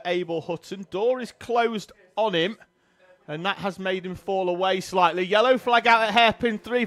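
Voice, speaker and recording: A man giving brisk live play-by-play commentary on a karting race, reeling off names and grid positions. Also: high voice, fairly bright tone, no room sound.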